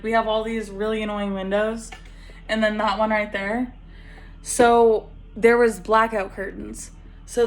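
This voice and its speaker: Casting note: young woman, casual vlogger, unhurried chatty storytelling. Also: mid-range voice. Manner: chatty, frequent fillers, animated retelling.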